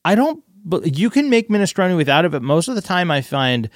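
A man's voice: sits high, big pitch swings, fairly quick, dry recording, clean studio sound. A man chatting casually and easygoing, dropping words like dude and bro. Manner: laid-back, easygoing, says dude and bro. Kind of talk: casual chat.

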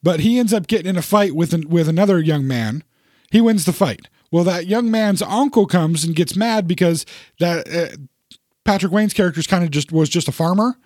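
A man's voice: high voice, moderate pace, a little mellow, no room sound, clean studio sound. A middle-aged man chatting casually about movies, rambling with many restarts. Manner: rambling, restarts a lot, puts on quoted voices.

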